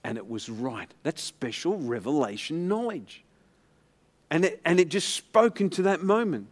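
A man with a slightly raised voice preaches to his congregation. He tells stories in an easy, conversational way and asks the room to say words back to him. His delivery mixes quiet, reflective stretches with bursts of emphasis. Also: fairly high pitch, expressive, unhurried. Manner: storytelling preacher, calls for congregation responses. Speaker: pastor. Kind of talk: sermon.

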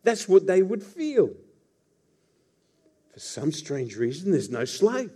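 Animated preacher man, lively pitch. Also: slow pace, husky. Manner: animated storytelling preacher with playful asides. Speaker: pastor. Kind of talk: sermon.

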